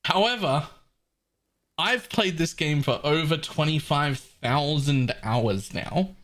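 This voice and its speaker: A man's voice: on the high side, takes it slowly, a bit bright. An Australian man in his thirties streaming a game live from his home room, chatting casually with viewers in a blunt, joking way and swearing freely.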